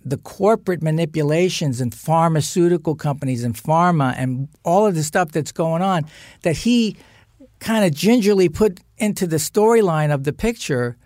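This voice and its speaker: The recording is dry as an older actor, guesting on a podcast, talks at normal speed in a voice on the high side. He tells animated anecdotes in relaxed conversation, voicing the people he quotes.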